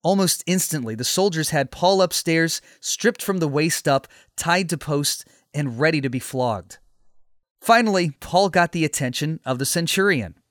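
A male storyteller reads a scripted story in a steady, measured voice. His pitch sits a little high, and the sound is close and dry with no room echo.

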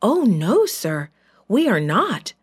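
A woman voicing a group of worried adult brothers, speaking higher and pleading anxiously. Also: sing-song, slow pace, slightly rough, exaggerated voice.

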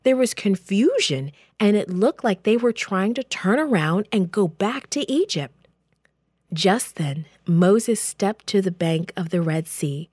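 Slow, gentle woman storyteller. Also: mid-range voice, expressive, no echo, studio quality. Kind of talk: children's Bible story narration.

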